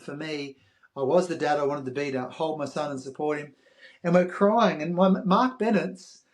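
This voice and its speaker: Animated Australian man telling a story. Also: on the high side. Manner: animated, acts out quoted voices. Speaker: guest. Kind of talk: interview storytelling.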